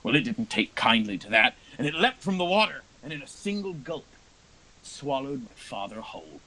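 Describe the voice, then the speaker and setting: A man's voice: mid-range voice, sing-song, sharp tone, full character voice, low-quality recording. A man voicing a dying old bearded man who solemnly tells a story from his youth. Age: older. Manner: slow, grave storytelling.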